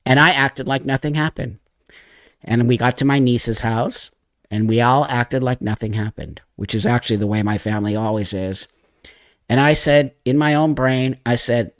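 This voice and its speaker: He's a livestream host in his sixties whose medium-pitched voice moves at normal speed, with no room sound. Emotional and profane, he tells a personal story loosely and performs the quoted lines.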